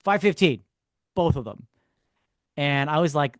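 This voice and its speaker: A man tells a story on a podcast. His voice sits a little high and swings up sharply when he gets worked up. The recording is dry and close, and he talks with sarcastic, ranting asides. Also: lively intonation, unhurried, no echo. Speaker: podcast co-host. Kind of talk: casual chat.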